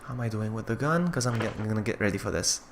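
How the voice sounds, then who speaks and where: A man streaming a horror game, talking to himself in casual commentary that swings from low muttering to frustrated yelling. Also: expressive, very fast, noisy background.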